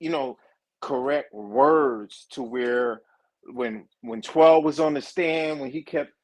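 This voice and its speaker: A man, chatting casually as co-host in an animated, profane, mocking way. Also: on the high side, slow, creaky, rough recording. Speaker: co-host reacting to trial footage. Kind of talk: casual chat.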